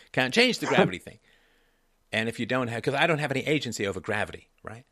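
A man's voice: mid-range voice, expressive, brisk, bright, forceful tone, no room sound, clean studio sound. A man hosting a call-in advice show, talking emphatically and repeating key phrases for stress.

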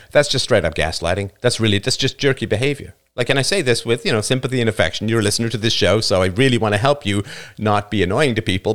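Responding to listener comments live, a man in his fifties hosts his show and argues emphatically with a listener, chuckling now and then. He has a lowish, slightly bright voice.

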